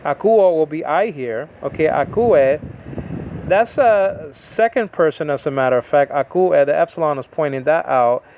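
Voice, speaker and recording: A man with a somewhat high, gravelly voice leads an informal Bible lesson. He talks slowly and haltingly, filling gaps with "uh" and "okay" as he works through ancient words. A faint hum sits behind him. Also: a little mellow. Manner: halting, many fillers, sounding out Hebrew and Greek words. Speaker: Bible teacher. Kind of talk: informal scripture study.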